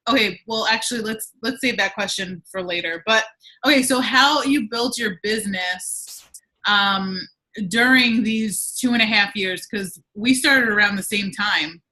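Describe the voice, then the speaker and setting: A woman's voice: medium pitch, measured pace, pushed and bright, rough recording. A woman hosting a casual interview, chatty and full of ums and restarts. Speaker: host interviewer.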